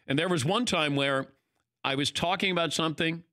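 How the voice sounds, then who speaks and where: An older man hosting a casual chat, telling stories in an animated way and acting out what people said. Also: on the high side, brisk, no room sound, studio quality. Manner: animated storytelling, acting out quoted lines. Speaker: host.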